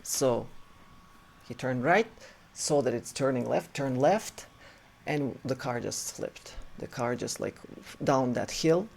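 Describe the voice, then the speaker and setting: A man's voice: mid-range voice, takes it slowly, gravelly. A man casually telling a personal story in a rambling way, with many restarts and fillers. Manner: animated retelling with acted quotes.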